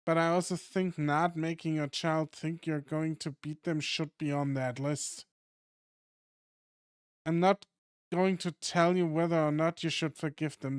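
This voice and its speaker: Drayden is a calm, earnest caretaker who soothes rather than scolds, as a man reads him. His voice is smooth and clear, taken slowly, and sits close and dry on the mic. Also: fairly high pitch, no echo, natural voice. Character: gentle, protective adult male caretaker in a fight league.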